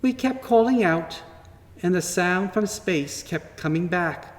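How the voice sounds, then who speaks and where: Man, children's story reading, unhurried, gentle, wondering, long church reverb. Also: sits high, animated. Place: church sanctuary. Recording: long reverb from a large hall.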